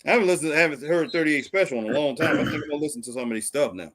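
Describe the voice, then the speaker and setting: A man's voice: on the high side, lively intonation, racing, a bit bright. A man from the States, co-hosting a wrestling talk stream in laid-back casual chat, saying "man" often. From Southern United States. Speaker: podcast co-host. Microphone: live stream.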